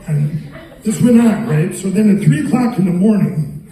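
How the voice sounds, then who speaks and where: A man's voice: sits high, expressive, moderate pace, mellow. Rambling man telling stories in an echoing hall. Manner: rambling, quotes people, repeats words. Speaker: public speaker. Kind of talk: storytelling speech to an audience. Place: arts center hall. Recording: echoey hall from a distance.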